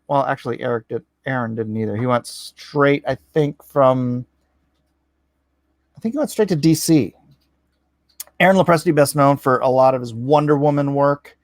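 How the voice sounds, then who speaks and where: Excitable man pitching on a livestream. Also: no room sound. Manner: excitable, rapid-fire, enthusiastic; rambling with frequent self-corrections. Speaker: comic artist hosting his own livestream. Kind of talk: casual livestream sales pitch.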